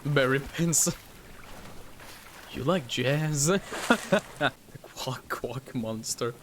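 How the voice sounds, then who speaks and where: A man's voice: mid-range voice, drawn-out words, background noise. A man playing a game and commenting, laughing and swearing a lot. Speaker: gamer. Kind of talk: let's-play commentary.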